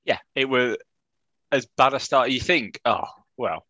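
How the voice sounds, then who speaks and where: A man's voice: mid-range voice, a little slow, bright, forceful tone, no echo. A man co-hosting a casual football podcast, chatty and self-mocking. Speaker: podcast co-host.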